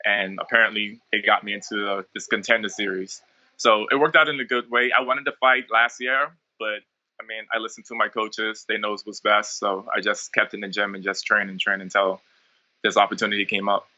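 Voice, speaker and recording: Young man with a bright, lo-fi voice. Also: fairly low pitch, brisk. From Bahamas. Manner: relaxed, rambling, many ums and likes. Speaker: MMA fighter, interview guest. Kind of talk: casual interview storytelling.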